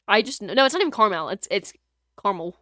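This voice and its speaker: A woman's voice: medium pitch, big pitch swings, fast talker, sharp tone, no room sound, studio quality. A woman streaming a video game, chatting casually in a giggly, rambling, playful way into a USB microphone at home. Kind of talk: casual gameplay chat.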